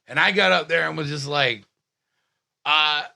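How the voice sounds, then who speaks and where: A young man, a comedian, telling a story in a casual chat. He is loud, profane and excitable, and acts out other people's voices. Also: on the high side, measured pace, creaky. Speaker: comedian guest.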